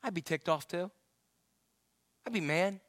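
A middle-aged man preaching a sermon, telling the story with lively acted-out voices and humor. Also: high-pitched, unhurried, dry recording, studio quality. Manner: animated storytelling, acts out the father's voice. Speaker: pastor.

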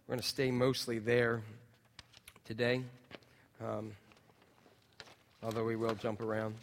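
Man pastor, mid-pitched, chatty and jokey sermon, long hall reverb. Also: fairly bright tone, slight background noise. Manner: chatty, jokey, with many fillers and asides to the crowd. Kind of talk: casual sermon to a congregation. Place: church hall.

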